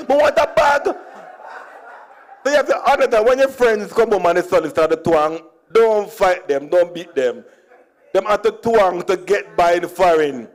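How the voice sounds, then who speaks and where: Jamaican man, higher-pitched, playful conference speaker who slips into Creole and acts out dialogue. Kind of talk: humorous storytelling speech. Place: conference hall.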